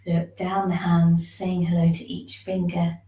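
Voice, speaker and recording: A woman teaching a shiatsu class, giving gentle, soothing step-by-step instructions for self-massage. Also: lowish voice, monotone, a little slow, echoey room, recorded from a distance, poor audio. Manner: gentle, soothing instructions, yawning now and then.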